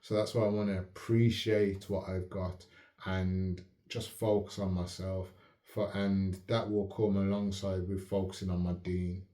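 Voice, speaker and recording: A man hosting his own channel, talking in a calm, measured, reflective way and often asking if the listener follows. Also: deep voice. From United Kingdom. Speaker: channel host. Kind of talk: reflective casual talk to camera. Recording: roomy echo.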